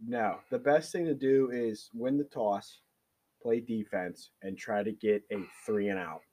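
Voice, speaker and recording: A man co-hosting a sports podcast, giving his opinions in casual, animated banter. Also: medium pitch, measured pace.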